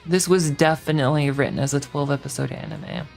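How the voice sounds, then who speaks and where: A woman streamer with a notably low voice chats casually, rambling and swearing with a sarcastic edge. Faint guitar music plays quietly in the background. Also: brisk, gravelly.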